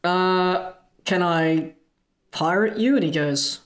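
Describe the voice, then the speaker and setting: A man's voice: a little high, steady tone, unhurried. A man casually recounting a story from his past, talking loosely with lots of likes and asides. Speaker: wrestler recalling a story.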